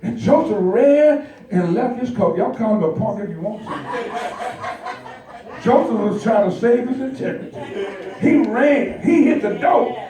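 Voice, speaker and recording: High-voiced preacher in an echoey hall. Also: male voice, a little slow, a crowd in the background. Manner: animated storytelling, calls out to the congregation. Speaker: pastor. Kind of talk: sermon. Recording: echoey church hall, mic far off.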